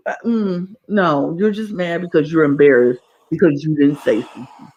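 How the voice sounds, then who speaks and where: High-voiced man ranting emphatically. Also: normal speed. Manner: animated, emphatic ranting with repetitions. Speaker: podcast co-host. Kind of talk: casual chat.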